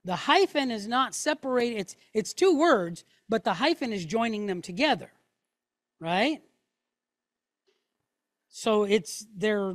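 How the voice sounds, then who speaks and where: Slow, patient woman teaching a class. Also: a little high, no room sound. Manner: patient, explaining step by step, checking in with "right?". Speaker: Hebrew teacher.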